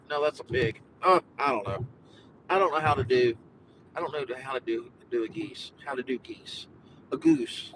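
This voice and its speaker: An animated man at normal speed livestreams from his car in traffic, recorded on a phone with faint road noise and engine rumble. The podcast host rambles casually with jokes, meandering, singing and making animal noises.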